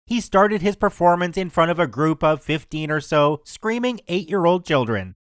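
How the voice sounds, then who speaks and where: A man's voice: on the high side, lively intonation, moderate pace, clean tone, dry recording, studio quality. A man reading a story aloud as a scripted narration.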